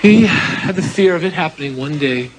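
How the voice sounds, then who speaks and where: A young actor playing a worried young man from a wealthy family, who talks in a low, troubled, subdued way. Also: expressive, moderate pace, background noise, lightly acted. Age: young adult.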